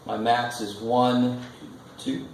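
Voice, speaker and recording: A man's voice: mid-range voice, flat delivery, slow pace, gravelly, a little mellow. A man teaching a college math lecture, casual and joking as he thinks aloud at the board. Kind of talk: classroom lecture. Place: classroom. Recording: echoey classroom with faint noise.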